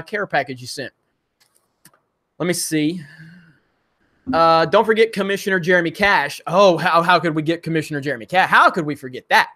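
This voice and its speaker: This livestream host reads viewers' super chats out loud in a casual stream, laughing often and chatting loosely with plenty of fillers. His voice is high and bright, delivered with force.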